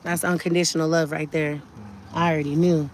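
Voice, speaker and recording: A woman's voice: low-pitched, level tone, brisk, a little hiss or hum. A woman talking urgently and indignantly to her viewers on a live stream from a car, often repeating herself. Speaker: livestreamer.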